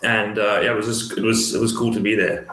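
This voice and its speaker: A man with a Dutch accent chatting eagerly as a co-host, full of "like" and quick restarts. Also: fairly low pitch, little pitch movement, bright, forceful tone, slight background noise. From Netherlands. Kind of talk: casual chat. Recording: roomy echo.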